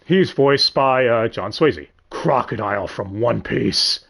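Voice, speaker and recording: Lively rambling young man commentating. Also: medium pitch, slow pace, gravelly. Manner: rambling, lively, swears casually, frequent self-corrections. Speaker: stream host. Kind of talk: casual livestream commentary.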